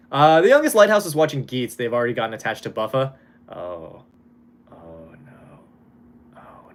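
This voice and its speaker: A man's voice: medium pitch, a bit bright. A young man casually chatting on a livestream as he reads out chat, rambling, often restarting his sentences and swearing freely. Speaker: streamer reading chat.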